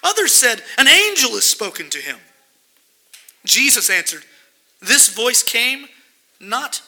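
Man, pastor, sermon, very high voice, sharp bright tone, reads scripture aloud with emphasis. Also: low-quality recording.

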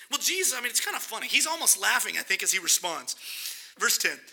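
Male preacher, high and gravelly voice, animated sermon delivery with acted-out scripture scenes. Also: fast talker.

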